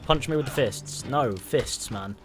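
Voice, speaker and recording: A man's voice: mid-range voice, animated, unhurried, music in the background. Sweary streamer man, casual banter. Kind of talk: live gameplay commentary.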